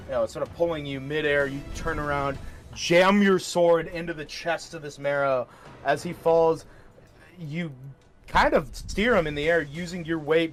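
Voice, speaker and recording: A man narrates a tabletop battle as game master, his voice sitting a bit high. He tells the action in loose, vivid strokes and swears casually, with faint music under him.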